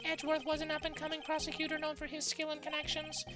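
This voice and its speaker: A woman voicing a formal TV news anchor with measured newsreader delivery. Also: sits high, completely flat delivery, music in the background, voice pushed up, lightly acted. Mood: newsy.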